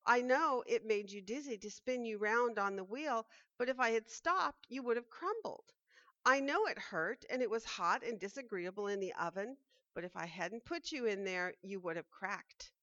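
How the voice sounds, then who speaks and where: A woman's voice: fairly high pitch, normal speed, no echo. Woman reading as a patient old potter. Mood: calm. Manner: calm and explaining. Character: patient wise male potter, the teacup's master. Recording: dull dry lo-fi recording.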